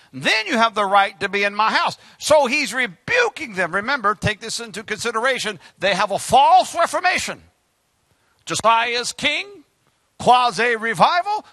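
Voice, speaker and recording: A man preaching a sermon as pastor, fiery, with sudden shouts and hushed drops. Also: sits high, no room sound.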